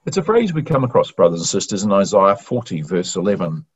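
A man preaching an earnest expository sermon, rising to emphatic questions and then slowing into soft, quiet phrases. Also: low voice, very animated, breathy edge. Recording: muffled lo-fi recording.

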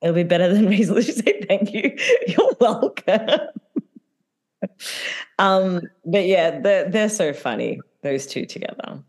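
A woman's voice: lowish voice, animated, a little slow, a little mellow. A woman, co-hosting a podcast and chatting casually about reality TV, full of fillers and laughs. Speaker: podcast co-host. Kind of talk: casual chat recapping reality TV.

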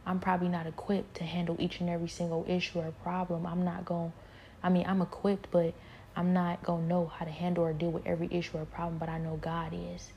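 A woman giving a rambling personal spiritual testimony, speaking softly and often dropping into a whisper. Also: fairly low pitch, completely flat delivery, fast talker, muffled recording, slight background noise. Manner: soft-spoken, often trailing into whispers; rambling, many fillers and repeats.

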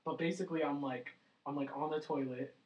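A young man with a somewhat high voice chats on a casual podcast and tells stories with lively energy, swearing freely and acting out what other people said. He sits a little back from the mic in a roomy-sounding small studio. The whole recording is low quality. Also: a little fast, far from the mic, lo-fi sound. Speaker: podcast co-host.

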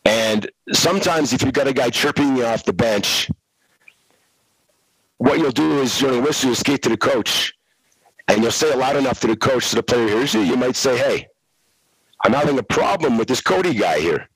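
A middle-aged man, a former hockey referee, telling relaxed stories as a guest over a video call. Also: mid-range voice, normal speed, slightly rough, dry recording, rough recording. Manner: relaxed anecdotal telling, frequent restarts. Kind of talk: casual storytelling interview.

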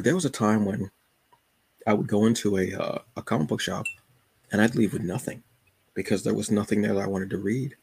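A man with a fairly low, husky voice talks loosely and jokingly as a podcast host, like he is chatting with friends. The sound is dry and close, with no room around it. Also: no echo. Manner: laid-back, joking, colloquial. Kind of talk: casual solo chat.

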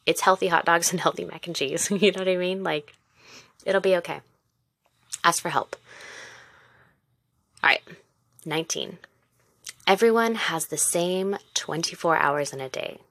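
A woman's voice: on the low side, measured pace, creaky, pauses often, fairly bright tone, no echo. A woman in her twenties hosting a casual solo podcast, talking candidly and encouragingly straight to the listener. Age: 20s. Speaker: podcast host; mother and former teacher.

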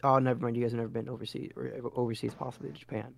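A man talks crude and excitable in casual podcast banter. His voice is gravelly with fry, and the sound is dry and close. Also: mid-range voice, racing, dry recording.

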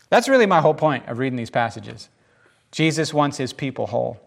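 A man giving informal, emphatic Bible teaching in a lively, conversational way. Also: on the high side, moderate pace, creaky.

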